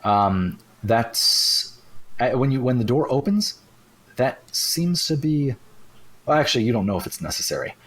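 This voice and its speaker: A young man narrating a tabletop game as game master, halting with restarts and fillers. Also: mid-range voice, animated, fairly bright tone, low-quality recording.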